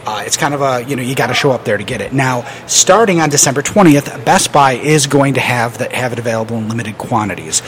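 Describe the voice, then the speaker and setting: A man hosting a podcast runs through the news in a relaxed, rambling way, full of "uh" and "you know". His pitch sits in a middle range. There is a faint hiss of noise behind him. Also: fast talker, few pauses. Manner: loose, joking news rundown with many fillers. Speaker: podcast host. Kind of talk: casual podcast chat.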